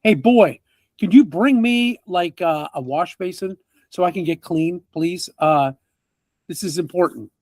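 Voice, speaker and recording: A man's voice: high-pitched, unhurried, a little mellow, no echo, clean studio sound. A man doing a snotty, blunt city priest. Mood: entitled. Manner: haughty and entitled. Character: snobbish, blunt male city priest, reluctant and demanding.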